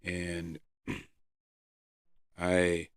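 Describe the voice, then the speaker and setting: A man hosting his own podcast, earnestly telling his personal recovery story with pauses and fillers. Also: low voice, completely flat delivery, clear, resonant tone, no echo, studio quality. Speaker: podcast host. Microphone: close podcast mic.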